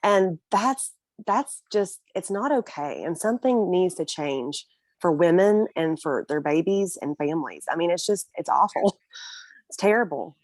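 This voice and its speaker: A woman's voice: on the low side, lively intonation, a little slow, a little mellow, no echo. A young woman guest in a casual interview, telling her own story earnestly and emotionally, often breaking into small laughs.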